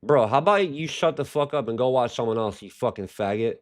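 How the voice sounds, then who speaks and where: A young man hosting a live stream in loose, casual talk. He rants at his chat and curses freely, with a mid-pitched voice. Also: lively intonation, fairly quick. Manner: profane, ranting at chat. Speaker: livestream host.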